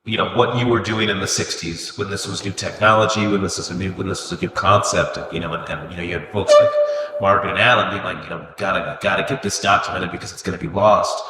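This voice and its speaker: A man's voice: deep voice, steady tone, fast, over music. A man interviewing a guest on stage, posing long, thoughtful questions with hesitant restarts. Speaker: interviewer, host. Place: gallery event room with an audience. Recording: echoey hall, distant mic, background noise.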